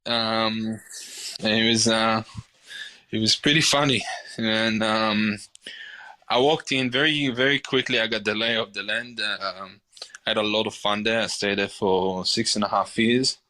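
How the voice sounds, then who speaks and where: A man in his forties with an Israeli accent, a chef telling his story in a casual interview, animated and often repeating words as he restarts. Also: lowish voice, measured pace. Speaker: chef, podcast guest.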